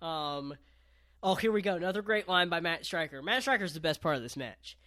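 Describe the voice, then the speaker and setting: A man's voice: a little high, expressive, a little fast, sharp tone. A man casually recapping a wrestling match on a podcast, laid-back, with lots of ums and casual swearing.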